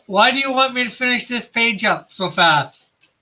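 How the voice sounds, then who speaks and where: A man's voice: extremely high pitch, lively intonation, normal speed, pushed and bright. A man streaming live as he draws a comic, chatting casually and reading out viewer comments. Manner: chatty, reads out viewer comments and chuckles often. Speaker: comic artist streaming while drawing. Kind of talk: casual livestream chat.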